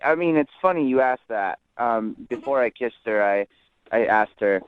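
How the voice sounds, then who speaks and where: A man's voice: medium pitch, expressive, moderate pace, clean tone, no room sound. A man phones in to a radio show and talks in a hesitant way, stumbling over his words and restarting often. His voice comes through a thin, tinny phone line. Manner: hesitant, many restarts and "I mean". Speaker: caller. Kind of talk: phone-in chat.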